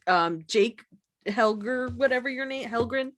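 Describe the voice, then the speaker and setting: A woman's voice: a little high, measured pace, fairly bright tone, slight background noise. A woman co-hosting a podcast, giving sarcastic, exasperated commentary on a movie. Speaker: podcast co-host. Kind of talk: casual movie review chat.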